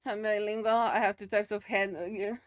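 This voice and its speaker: A woman's voice: mid-range voice, flat delivery, brisk. A young woman streaming live, chatting loosely with her viewers, laughing often and swearing casually.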